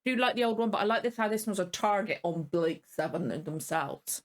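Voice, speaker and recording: A woman's voice: medium pitch, expressive, brisk. Tired woman chatting through a show reaction, rambles, keeps saying sorry, normal mid voice. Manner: rambling, apologetic. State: tired and yawning. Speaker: reaction video host. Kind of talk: casual reaction commentary.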